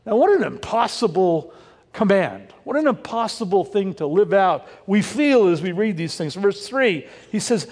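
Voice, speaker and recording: High-voiced older man preaching in a hall. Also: lively intonation, moderate pace, darkish tone. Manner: conversational, punny, asks the congregation questions. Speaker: pastor. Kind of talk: sermon.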